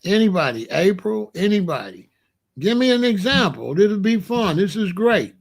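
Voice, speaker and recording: A middle-aged man, hosting a casual livestream, blunt and animated as he asks his chat for examples. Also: sits high, normal speed, gravelly. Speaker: livestream host.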